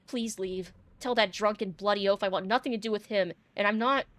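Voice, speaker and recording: A woman's voice: mid-range voice, steady tone, brisk, a bit bright, no echo, natural voice. A woman voicing a prim, cagey middle-aged librarian in a game, sweetly polite and calling people dearie. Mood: flustered. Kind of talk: reading game dialogue aloud.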